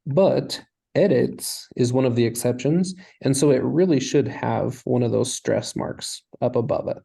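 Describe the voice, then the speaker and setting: Guy teaching a language class, talks slow and patient, warm low tone. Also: creaky, breathy edge, poor audio. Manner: patient, explains step by step. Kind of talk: online Hebrew lesson.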